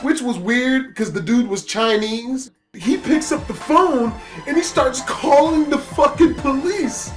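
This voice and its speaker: A man telling a story in casual, profane storytime style, animated and laughing at his own tale. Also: very high voice, unhurried, hardly any pauses, faint music behind. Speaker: YouTube storyteller.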